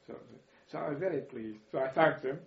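A man's voice: on the high side, fairly quick, gravelly. Old guy telling war stories, chuckles a lot, roomy echoey sound, kinda muffled. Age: older. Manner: chuckles and repeats words while recounting. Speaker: interviewee, war veteran. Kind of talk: reminiscing storytelling. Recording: echoey room, slightly dull audio.

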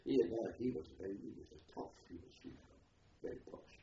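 A man's voice: fairly low pitch, brisk, mellow. An older man, an army veteran, recalling his service in an oral history interview, hesitant with many ums and restarts. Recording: muffled, roomy, distant, faint hiss.

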